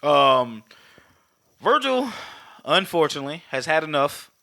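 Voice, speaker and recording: A man co-hosting a podcast, recapping a film in casual, profane talk and acting out the scenes in quick voices. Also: on the high side, sing-song, creaky, bright, forceful tone, dry recording. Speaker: podcast co-host. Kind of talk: casual movie recap chat.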